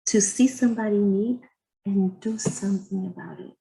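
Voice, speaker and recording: A woman giving an earnest religious lecture as a guest speaker. She tells personal stories in short, gentle phrases. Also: mid-range voice, moderate pace, creaky, rough recording. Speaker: guest speaker at a spiritist society.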